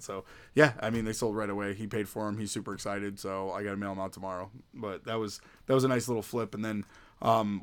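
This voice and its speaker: A man in his thirties chatting casually as a podcast co-host, rambling through stories with lots of "like" and "you know.". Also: lowish voice. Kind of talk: casual chat.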